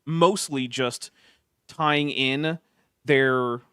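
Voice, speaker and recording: A man hosting a casual livestream chat, talking in a relaxed way with lots of uhs and restarts. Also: medium pitch, drawn-out words, smooth, no echo, clean studio sound. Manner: relaxed, filler-heavy talk with frequent uhs and restarts. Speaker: host.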